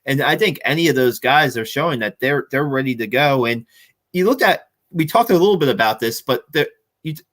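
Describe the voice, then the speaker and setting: This is a man talking through a football game in a relaxed, unscripted way. His pitch sits in an ordinary middle range, and he often stops and restarts his sentences and tosses in "right?" to keep his co-host with him. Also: a little fast. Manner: chatty, restarts often, tags points with "right?". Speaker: podcast host. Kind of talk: casual postgame football analysis.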